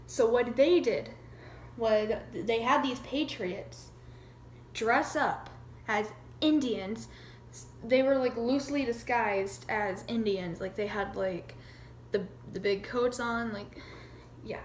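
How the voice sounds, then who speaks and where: A woman's voice: a little high, takes it slowly, echoey room, slight background noise, poor audio. A woman casually retelling a history lesson in a chatty, irreverent way, acting out quotes and swearing now and then. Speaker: amateur history explainer.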